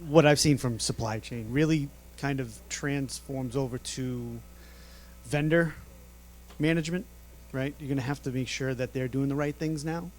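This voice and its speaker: A man's voice: medium pitch, steady tone, moderate pace, slight background noise. A man on a conference panel, speaking candidly in a conversational way. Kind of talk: panel discussion. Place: conference stage.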